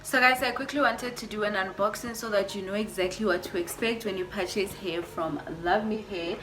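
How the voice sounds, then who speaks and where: A woman's voice: mid-range voice, steady tone, fairly quick, fairly bright tone. Gushing woman vlogger, music behind. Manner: gushing, repeats words, addresses viewers as guys. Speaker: beauty vlogger. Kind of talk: casual product unboxing.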